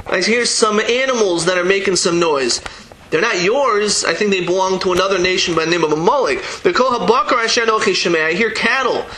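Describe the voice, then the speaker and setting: Bright-voiced man teaching a Torah class. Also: sits high, fairly quick, rough recording. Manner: reads Hebrew verses then explains them in English, acting out the dialogue. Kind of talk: verse-by-verse Bible class.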